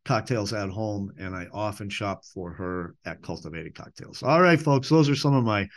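A man hosting a podcast, talking in a casual, rambling way, often correcting himself and filling pauses. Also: fairly low pitch. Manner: rambling, chatty, self-correcting with many fillers. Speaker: podcast host.

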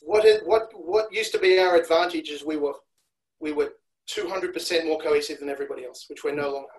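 A man's voice: a little high, quick pace, rough recording. A man from Australia talking as a rugby analyst guest on a podcast, explaining at length and repeating words as he restarts. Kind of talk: casual podcast chat.

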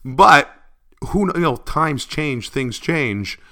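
A man co-hosting a podcast, chatting casually and giving his opinions in a rambling, animated way. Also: on the high side, takes it slowly. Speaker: podcast co-host.

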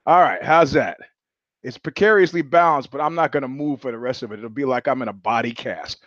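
A man hosting his own podcast, talking through a film in an animated, digressive way and acting out the lines of its characters. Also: medium pitch, brisk, dry recording, highs cut off. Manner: animated, digressive storyteller who acts out quotes. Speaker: podcast host. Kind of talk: solo monologue about film. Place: home room.

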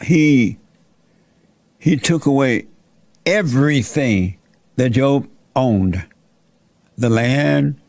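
A man retells a Bible story in a folksy, plainspoken sermon style. His voice is gravelly and slightly high, and he speaks very slowly. The sound is close and dry. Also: darkish tone, no echo. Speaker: host and preacher.

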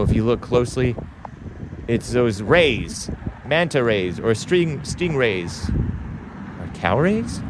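A man hosting a call-in talk show, rambling with wry asides and frequent self-corrections. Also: medium pitch. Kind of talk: casual call-in show chat.

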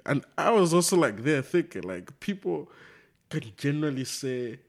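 A man's voice: a little high, expressive, moderate pace, creaky. A man in a casual book discussion, retelling a comic in a rambling, hesitant way with frequent fillers. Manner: rambling, retells a comic with quoted voices, laughs. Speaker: podcast co-host discussing a book.

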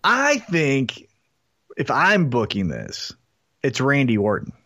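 A man co-hosting a podcast, chatting casually and excitedly about wrestling, swearing often and acting out scenes he pitches. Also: takes it slowly. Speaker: podcast co-host.

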